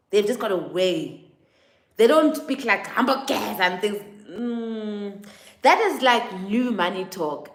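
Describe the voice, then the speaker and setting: A South African woman vlogging a casual opinion monologue, animated and mimicking others in exaggerated quotes. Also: medium pitch. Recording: echoey room.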